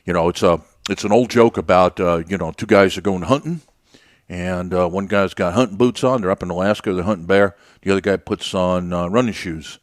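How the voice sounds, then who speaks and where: A man's voice: low-pitched, fairly quick, no room sound, clean studio sound. A man hosting a radio show, talking off the cuff in a rambling, conversational way with many fillers and restarts. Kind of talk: unscripted radio monologue.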